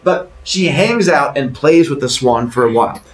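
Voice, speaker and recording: Lively man telling a myth playfully. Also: a little high, normal speed. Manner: playful, jokey retelling with voices. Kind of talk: animated storytelling lesson. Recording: roomy, distant mic.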